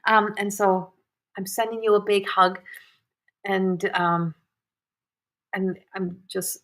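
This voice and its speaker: A woman in her thirties, a psychic medium hosting a live stream, talking softly and emotionally with sighs and pauses. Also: mid-range voice, steady tone. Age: 30s. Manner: soft, emotional, tearful at times, frequent sighs. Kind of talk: live-streamed reading, casual chat.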